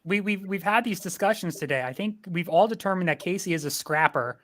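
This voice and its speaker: A man's voice: high voice, fairly quick, fairly bright tone. A man hosting a streamed panel over a video call, introducing guests with playful wordplay. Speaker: host.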